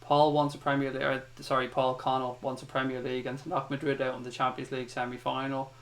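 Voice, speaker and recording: A man hosting a fan chat livestream, chatty and relaxed, reading out viewer comments. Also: mid-range voice, quick pace. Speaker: host of fan chat show.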